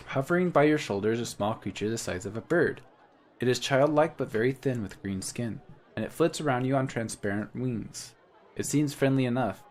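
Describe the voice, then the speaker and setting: A man's voice: lowish voice, slight background noise. A man playing a text game, reading its story aloud and adding casual comments in between. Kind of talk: let's-play narration and commentary.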